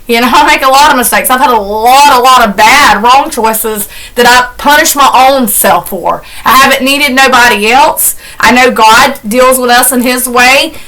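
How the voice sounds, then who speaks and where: A woman's voice: on the high side, moderate pace, hardly any pauses, bright, forceful tone, rough recording. A middle-aged woman, chatting in a heartfelt, rambling, folksy way as she does chores for her vlog. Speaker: vlogger. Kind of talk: casual chat while doing chores.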